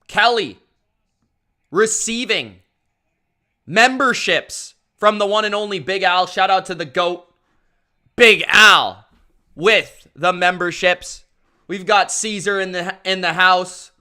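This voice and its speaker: A man hosting a live stream, calling football play-by-play with a hyped announcer-style delivery and shouting out his chat. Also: high-pitched, slow pace, pauses often. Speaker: live-stream sports commentator.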